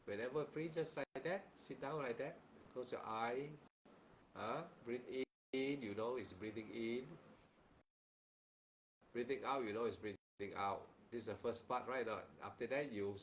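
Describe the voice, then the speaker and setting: A man's voice: mid-range voice, unhurried, slight background noise, poor audio. Stern male meditation teacher. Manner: stern and admonishing, with frequent tag questions like "huh?"; repeats phrases and restarts sentences in plain, simple wording. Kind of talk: guided meditation instruction and dharma talk.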